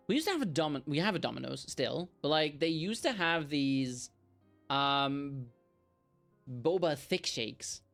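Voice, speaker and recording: A young man streaming a video game, excitably yelling at enemies and chatting between fights. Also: a little high. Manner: excitable, yells playfully at enemies. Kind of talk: live gameplay commentary.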